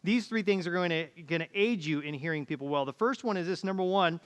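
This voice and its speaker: High-voiced pastor preaching in a reverberant hall. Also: male voice, quick pace, clear, resonant tone. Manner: storytelling, acts out quoted voices. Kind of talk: sermon. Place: church auditorium.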